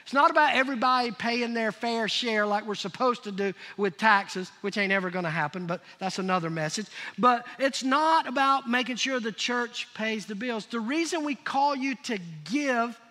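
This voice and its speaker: High-voiced pastor preaching in an echoing hall. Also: male voice, bright, forceful tone. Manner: emphatic, prods the congregation to call out answers. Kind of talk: sermon. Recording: long reverb of a large hall.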